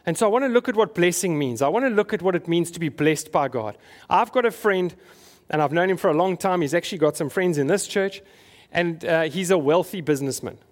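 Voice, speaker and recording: A man's voice: on the high side, expressive, fairly quick. A man preaching a conversational sermon to his congregation, asking them questions as he goes. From South Africa. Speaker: pastor.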